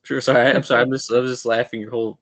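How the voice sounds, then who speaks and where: A man's voice: mid-range voice, flat delivery, racing, fairly bright tone, no room sound. A man hosting a podcast interview, eager and chatty, often repeating himself. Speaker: podcast host. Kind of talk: casual interview.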